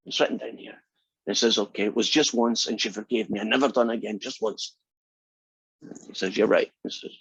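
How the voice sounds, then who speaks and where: A male instructor lecturing to a class in a chatty, joking way. His voice is a little husky, and the recording sounds dry and dull, like lo-fi classroom audio. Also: fairly low pitch, fairly even intonation, moderate pace, dry recording. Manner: chatty, tells jokes with asides. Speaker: math instructor.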